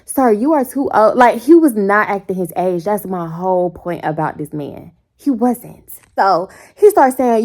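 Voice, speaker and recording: A woman's voice: measured pace, few pauses. A young woman in her twenties tells a story casually to a phone camera at home, full of slang and squealing up into quoted voices. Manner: animated, slangy, jumps into quoted voices with sudden high squeals. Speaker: storytime vlogger. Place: bedroom at home. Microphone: phone held close.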